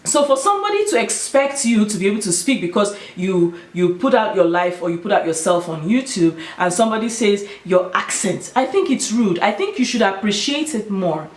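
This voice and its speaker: A woman's voice: mid-range voice, sing-song, normal speed, few pauses. Emphatic Nigerian woman vlogging, echoey room. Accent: Nigerian (Igbo). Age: adult with children. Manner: emphatic, explaining and storytelling. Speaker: YouTuber. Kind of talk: casual vlog talk.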